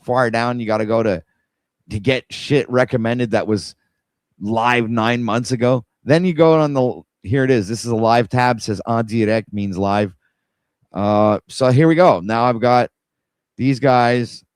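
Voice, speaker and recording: A man of middling pitch hosts a casual livestream and rambles on in an exasperated tone, talking straight to his viewers. His voice sits close and dry, with no room sound around it. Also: unhurried, smooth, no room sound. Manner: rambling, exasperated, talks to viewers while scrolling. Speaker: livestream host.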